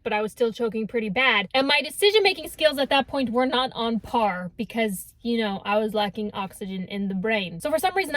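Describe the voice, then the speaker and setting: High-voiced woman telling a comedic story. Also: fairly bright tone, no room sound. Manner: sarcastic, dramatic quoted voices.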